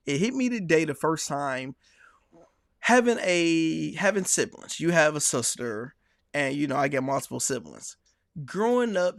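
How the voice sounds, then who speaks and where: A man's voice: on the high side, fairly bright tone, dry recording, studio quality. A man hosting a sports podcast, chatting casually and rambling through a long personal story with run-on asides. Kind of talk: casual chat.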